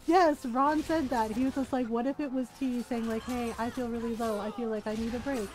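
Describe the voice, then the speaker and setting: A woman's voice: on the high side, fairly even intonation, a little fast, hardly any pauses, a little mellow, faint music behind, low-quality recording. A woman game streamer chatting casually to her live audience, candid and chatty, often laughing as she retells conversations.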